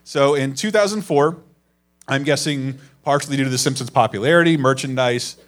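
A man's voice: mid-range voice, fairly quick. A man hosting a live podcast in front of an audience, rambling and self-deprecating, with plenty of swearing. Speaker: podcast host. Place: live show before an audience.

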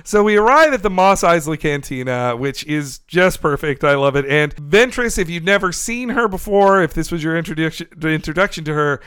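A man hosts a casual podcast chat and shares trivia with open enthusiasm. His voice sits a little high and sounds smooth and clear. The recording is close and dry, with no room sound. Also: animated, fairly quick, few pauses, a bit bright, no echo. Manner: enthusiastic, laughs often, trivia-minded. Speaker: podcast host.

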